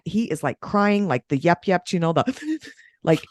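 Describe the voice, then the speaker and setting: A woman who runs breathwork sessions, chatting on a podcast and telling stories with an animated, swooping delivery. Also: measured pace, dry recording, clean studio sound. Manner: animated storytelling, big pitch swings. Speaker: breathwork facilitator. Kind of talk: podcast conversation.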